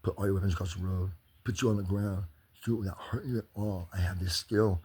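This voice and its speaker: Man vlogging, husky voice, low-pitched, agitated, swearing, rambling rant. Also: steady tone, fast talker, mellow. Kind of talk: angry venting monologue.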